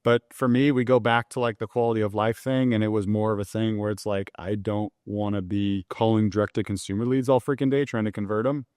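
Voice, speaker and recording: A man's voice: fairly low pitch, steady tone, brisk, few pauses, darkish tone, clear, resonant tone, no room sound, clean studio sound. A young man, a loan officer, talking loosely and candidly in an interview, with plenty of filler words. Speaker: mortgage loan officer, podcast guest. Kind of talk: casual conversational interview.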